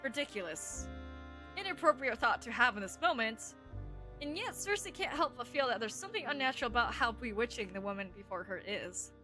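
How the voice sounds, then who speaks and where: Bright-voiced woman streamer narrating. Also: on the high side, lively intonation, brisk, faint music behind. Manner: playful, self-interrupting narration. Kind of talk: reading a visual novel aloud.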